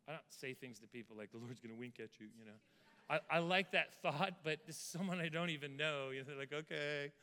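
A man's voice: on the high side, quick pace, sharp tone, clean tone. A man preaching as pastor, telling a church member's story in an earnest way and then praying over the congregation. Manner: earnest storytelling, repeats words when moved. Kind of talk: sermon with testimony and prayer. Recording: reverberant hall sound.

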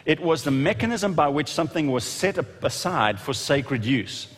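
A male pastor preaching a sermon, animated, often acting out quoted voices with restarts. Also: fairly high pitch, normal speed, husky, in a large hall.

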